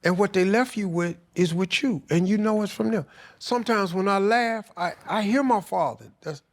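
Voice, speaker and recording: A man with a high voice, speaking at normal speed, appears as a guest on a candid podcast. He tells emotional stories in slangy, profane language.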